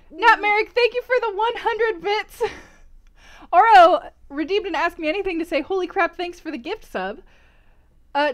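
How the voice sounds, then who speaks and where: A woman's voice: very high voice, a bit bright. A woman livestreaming, giggling and gushing as she thanks viewers and reads out long lists of names.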